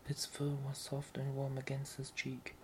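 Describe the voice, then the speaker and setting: A narrator softly whispering a fantasy novel aloud in whispered role-play, slow and even. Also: mid-range voice, slight background noise, low-quality recording.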